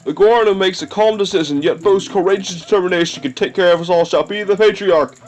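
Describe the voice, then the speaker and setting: A man's voice: high-pitched, fast talker, faint music behind, natural voice. A man voicing a solemn old male rock-creature elder from a video game, in a formal, stately way.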